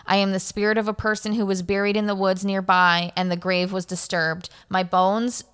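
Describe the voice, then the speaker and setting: A restless ghost of someone buried in the woods speaks in slow, solemn words, as a woman reads it out. The voice is bright and clean with a slightly raised pitch. It is told as a spooky story on a podcast. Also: flat delivery, clear, resonant tone, close to an everyday voice.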